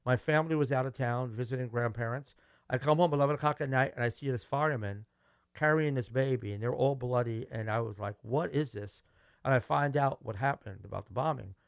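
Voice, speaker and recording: A man's voice: mid-range voice, fairly quick, creaky, clean tone, no echo, clean studio sound. A middle-aged man with a Brooklyn New York accent, telling stories animatedly as a musician guest in a casual interview. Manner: animated, acts out quoted dialogue, restarts.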